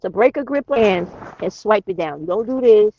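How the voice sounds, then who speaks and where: A woman's voice: medium pitch, animated, moderate pace, mellow, slight background noise. A woman hosting a live chat from her car, talking bluntly with lots of cursing. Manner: blunt, profane, emphatic. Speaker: livestream host. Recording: dry, dull sound.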